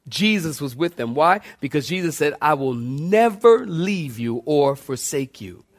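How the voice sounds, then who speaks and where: Man, pastor, sermon, high voice, big swings in pitch and volume, addresses congregation. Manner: dynamic preaching with big swings in pitch and loudness, calls to the congregation. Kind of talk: preaching a sermon.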